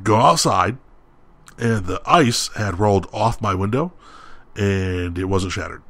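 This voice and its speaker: A young man on a podcast, telling a heated story with loud, ranting quotes of what he said. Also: lowish voice, unhurried. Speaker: podcast co-host. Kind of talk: casual storytelling.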